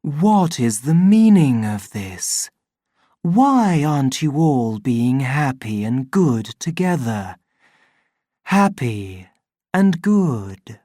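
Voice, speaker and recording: Man doing a gentle sorrowful broadcast voice, soft and tender, slow, pleading. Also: mid-range voice, expressive, dry recording, studio quality. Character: soothing recorded crowd-control voice, gently sorrowful.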